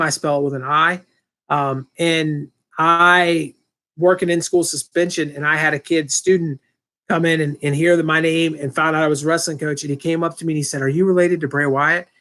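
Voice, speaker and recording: A man's voice: a little high, normal speed. Rambling man chatting on a live stream. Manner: rambling, relaxed, with many fillers and restarts. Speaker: channel host answering live chat. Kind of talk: casual live-stream chat.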